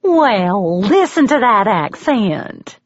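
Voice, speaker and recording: A woman voicing an excitable American waitress who gushes and squeals with delight. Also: mid-range voice, slow, dry recording. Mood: gushing. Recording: dull, lo-fi, dry.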